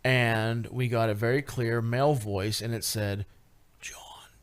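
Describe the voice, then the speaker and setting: A man guest on a radio talk show, telling a paranormal investigation story in a casual, animated way with many fillers and restarts. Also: medium pitch, unhurried, smooth. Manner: animated, lots of fillers and restarts, rising excitement.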